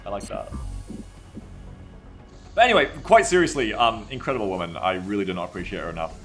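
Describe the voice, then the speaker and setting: A man's voice: on the low side, lively intonation, brisk, faint music behind. A man streaming live and chatting casually. He reads chat aloud, rambles, and swears freely.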